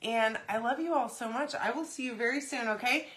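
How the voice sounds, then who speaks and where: A woman hosting a casual craft video, chatty and rambling, often saying "y'all" and "okay?", her throat dry and clearing often. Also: on the high side, fairly quick, fairly bright tone, a little hiss or hum. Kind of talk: casual craft demo chat.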